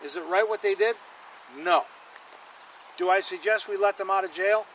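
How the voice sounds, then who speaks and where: A male pastor delivering a sermon in a high, bright voice. He leans hard on key lines, repeats them for weight, and draws the congregation in. A faint hiss of noise sits underneath. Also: normal speed, poor audio. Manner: emphatic, repeats lines for stress, calls on the congregation.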